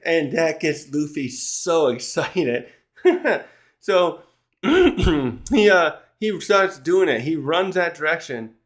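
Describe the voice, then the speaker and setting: A man's voice: a little high, very animated, slow. A man casually recapping a manga chapter in a rambling, chatty way, with frequent restarts and small laughs.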